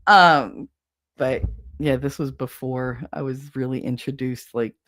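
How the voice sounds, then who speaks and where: A rumbling low voice, steady and a little bright, belongs to a woman in her forties hosting a livestream. She talks with viewers at an unhurried pace, laughing a lot as she openly recounts crude tales.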